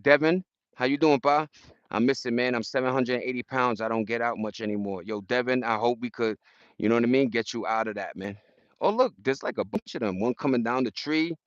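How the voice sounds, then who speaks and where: A man's voice: medium pitch, no echo, highs cut off. A man hosting a casual livestream outdoors, chatting loosely with viewers in slang. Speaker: livestream host. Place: outdoors in a park.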